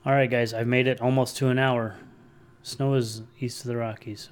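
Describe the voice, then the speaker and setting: A man hosting a relaxed livestream wanders through a chat with his viewers, reading out comments and replying as they come in. His delivery is loose and conversational, at an ordinary middle pitch with little variation in pitch and a moderate pace.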